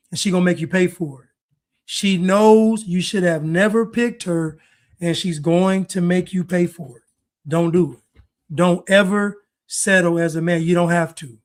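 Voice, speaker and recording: Man, high-pitched, casual reaction commentary, animated, repeats himself. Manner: animated, repetitive, jumps in pitch for emphasis. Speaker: streamer reacting to clips.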